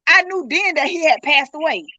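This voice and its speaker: A woman's voice: high-pitched, animated, a little fast, sharp tone, dry recording, low-quality recording. A middle-aged woman telling how she lost her son, earnest and reliving the moments through retold dialogue. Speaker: guest, grieving mother. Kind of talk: emotional personal account.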